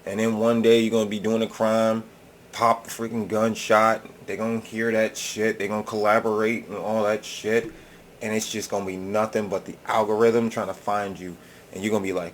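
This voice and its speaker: Deep-voiced man, reaction host, drawling, profane, loose and rambling. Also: level tone, a little fast. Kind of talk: casual reaction commentary.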